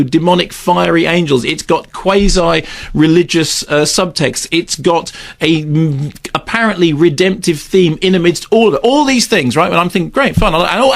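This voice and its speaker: Creaky-voiced man ranting. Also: a little high. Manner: rambling, sardonic, repeats words for comic effect. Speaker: film critic. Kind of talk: casual radio chat, film review.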